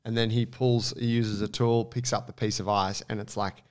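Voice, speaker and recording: A man telling a story in casual podcast chat, rambling and animated with lots of fillers and restarts. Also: fairly low pitch, moderate pace, clear, resonant tone.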